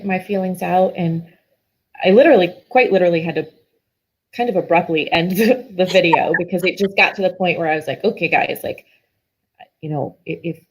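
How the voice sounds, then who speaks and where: A woman's voice: on the low side, normal speed, poor audio. A middle-aged woman guest telling a personal story in an earnest, emotional way, often restarting her sentences.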